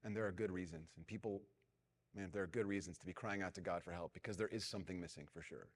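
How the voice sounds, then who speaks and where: Man, middle-aged, pastor, sermon, self-mocking storyteller, low voice, reverberant church hall. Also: quick pace, slightly rough. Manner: storytelling, self-mocking, swings from animated to hushed prayerful.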